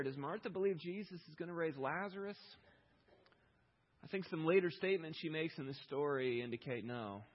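Husky-voiced man preaching. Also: medium pitch, highs cut off. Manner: swings from loud pleading questions to quiet reflective reading. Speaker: pastor. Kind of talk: sermon.

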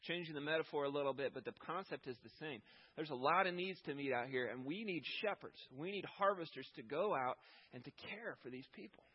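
A man with a husky, slightly high voice preaches in an easy, conversational way, swelling into more forceful emphasis at key points. The recording sounds dull and lo-fi. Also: brisk. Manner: conversational preaching, rising with emphasis when voicing God. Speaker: pastor. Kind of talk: sermon.

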